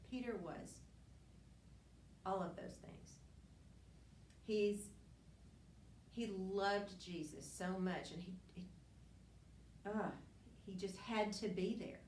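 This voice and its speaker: A woman's voice: mid-range voice, slow, pauses often, a little mellow, a little hiss or hum. A woman teaching a Bible lesson, retelling scripture in an earnest storytelling way with frequent restarts and asides. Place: church classroom. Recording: roomy, distant mic with faint ambience.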